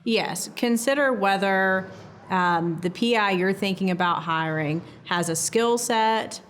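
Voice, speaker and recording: A woman criminal defense attorney explaining her practice in a measured way, with frequent ums and uhs. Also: mid-range voice, fairly bright tone, slight background noise. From United States. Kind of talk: professional legal education interview.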